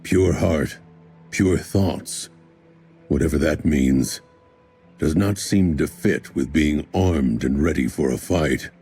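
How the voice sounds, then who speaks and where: A man's voice: very deep voice, slow, dark tone, slightly rough, soft background music, full character voice. A man voicing a cautious, doubtful young man.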